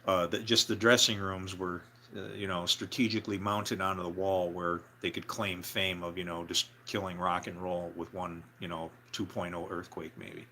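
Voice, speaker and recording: Guy telling a story live, kinda rambly, low-ish voice, lots of "you know". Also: little pitch movement, moderate pace, bright, forceful tone, slight background noise. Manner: rambling, full of fillers and restarts. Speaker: storyteller, former band member.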